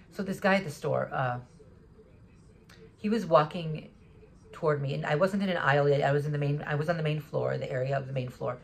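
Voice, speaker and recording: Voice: mid-range voice, vocal fry. A vlogger talking in an agitated, rambling monologue, often restarting sentences and swearing. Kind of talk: monologue recounting an encounter.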